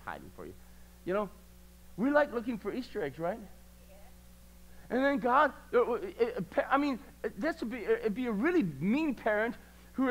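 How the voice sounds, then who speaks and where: A man preaching a sermon at a church service, repeating lines passionately and swinging between quiet talk and loud declarations. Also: extremely high pitch, poor audio.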